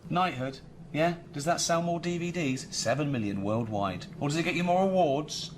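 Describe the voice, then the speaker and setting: A man playing a vain comedian in a scripted sitcom, with a smug, deadpan delivery. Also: on the high side, moderate pace, a little hiss or hum, close to an everyday voice. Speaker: self-important comedian.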